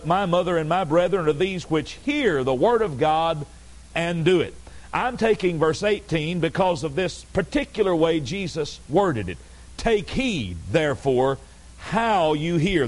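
A man's voice: high-pitched, low-quality recording. A male pastor preaching a Sunday night sermon to his congregation, emphatic and repetitive, pressing direct questions on his listeners. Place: church service on a Sunday night.

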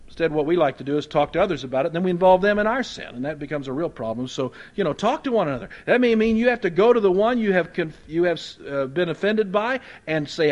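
A man preaching a sermon as a Baptist pastor, conversational and folksy, with humorous asides, swinging between loud emphasis and soft quiet moments. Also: high-pitched, lively intonation, quick pace, lo-fi sound.

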